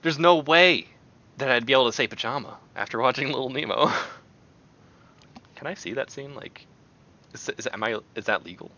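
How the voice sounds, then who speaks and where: A man streaming and chatting casually, in an animated, rambling way that often breaks into exclamations. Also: mid-range voice, moderate pace, pauses often, lo-fi sound.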